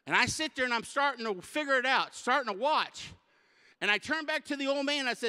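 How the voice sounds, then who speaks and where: A man giving a guest sermon as an animated, comic storyteller. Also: very high voice, a little fast, clear, resonant tone. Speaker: guest speaker. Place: church sanctuary. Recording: long church hall reverb.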